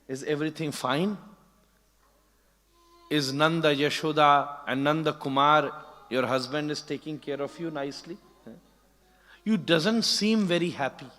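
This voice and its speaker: A man voicing a concerned old father gently questioning his daughter, in a reverberant hall. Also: fairly high pitch, unhurried, pauses often, faint music behind.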